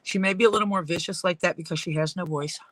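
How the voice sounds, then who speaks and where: A woman's voice: fairly low pitch, fast, a bit bright, poor audio. A woman leatherworker rambling through casual stories while she works at her craft. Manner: rambling, storytelling.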